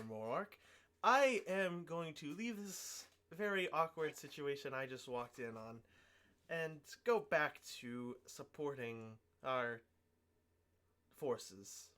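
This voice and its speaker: A man voicing a proud veteran fighting grandmaster, a brisk mentor who rambles with halting fillers. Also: on the high side, animated, sharp tone, heavily acted.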